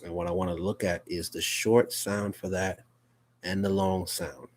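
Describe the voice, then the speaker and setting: A man's voice: low-pitched, level tone, moderate pace. A man teaching a casual live phonics lesson, patient and repetitive, often checking in with "okay?".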